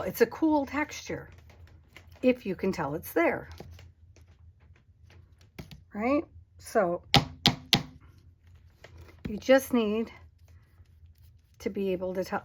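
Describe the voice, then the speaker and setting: A woman's voice: a little high, animated, slow pace, pauses often, darkish tone, slightly rough. A woman vlogging as she crafts, chatting casually in a rambling way and questioning herself aloud. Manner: drops to a whisper at times. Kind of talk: casual chat while crafting.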